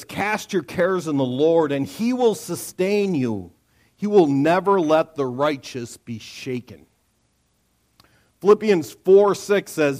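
A man preaching a sermon, joking with the congregation and breaking into sudden loud outbursts. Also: sits high. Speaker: pastor. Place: church.

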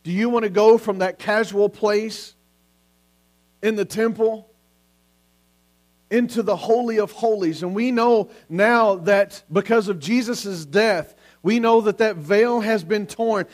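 A man with a notably high voice delivers a Sunday sermon. He speaks with earnest urgency, stacking question upon question and now and then stumbling and restarting a word. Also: unhurried. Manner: earnest preaching with repeated questions, sometimes restarting words. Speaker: pastor.

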